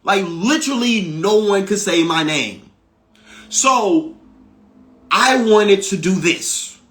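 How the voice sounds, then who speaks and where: Man, spiritual teacher: bright, high voice; preachy, emphatic delivery with repeated lines and sudden loud bursts. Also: expressive, takes it slowly. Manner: swings from loud exclamations to low, quiet asides. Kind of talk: motivational spiritual monologue.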